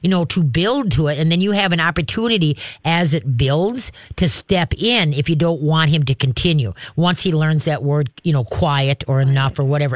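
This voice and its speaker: A man's voice: fairly high pitch, normal speed, hardly any pauses, dry recording, clean studio sound. A middle-aged man who trains dogs, giving rambling, chatty advice to a caller with lots of "you know"s. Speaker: dog trainer. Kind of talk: call-in advice.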